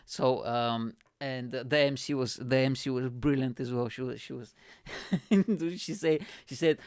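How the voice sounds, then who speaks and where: A male comedian hosting his own podcast, telling a story in a loose, animated way. His voice is smooth and clear, recorded dry and close. He swears often and leans on fillers. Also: mid-range voice, unhurried, no room sound. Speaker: stand-up comedian and podcast host. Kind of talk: casual storytelling monologue.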